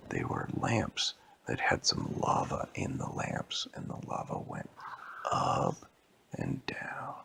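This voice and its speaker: Guy whispering a made-up bedtime story, raspy, pitch bouncing all over. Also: wildly swooping pitch, measured pace, few pauses, noisy background. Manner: hushed, mostly whispered narration.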